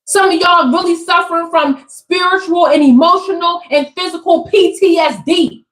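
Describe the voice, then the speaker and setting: A young woman delivers a spiritual pep talk in a high, bright-pitched voice. She talks casually but builds emphasis through repetition, like a preacher working a crowd. Her voice rings out in an echoey room. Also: normal speed. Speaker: spiritual content creator.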